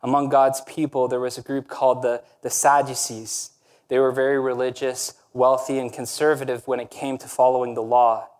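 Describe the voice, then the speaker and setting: A man's voice: medium pitch, little pitch movement, moderate pace, darkish tone. A male pastor preaching a sermon in an earnest, emphatic way, often tagging points with a rhetorical question.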